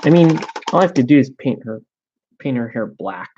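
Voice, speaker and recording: A man's voice: medium pitch, lively intonation, moderate pace, dark tone, muffled recording, slight background noise. A man chatting casually while painting miniatures, laid-back and joking, swearing now and then.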